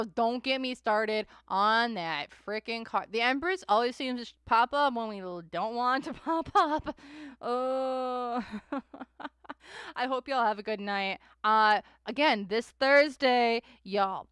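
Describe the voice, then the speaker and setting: A woman's voice: on the high side, a little slow, fairly bright tone, smooth, no room sound, studio quality. A young adult woman hosting a live tarot stream, chatting with viewers in a rambling way and often laughing and sighing between thoughts.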